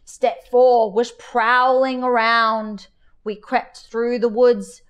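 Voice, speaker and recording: A woman reads a picture book aloud for children at home, playful and animated in her delivery. Her pace is very slow and deliberate. Her voice sits a little above the usual. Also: on the high side. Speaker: children's story time reader. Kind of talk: children's story reading.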